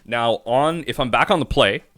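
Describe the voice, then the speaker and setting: A man's voice: mid-range voice, moderate pace, fairly bright tone, no room sound. A man streaming a card game, thinking aloud in rambling self-talk as he plays. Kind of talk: live-stream gameplay commentary.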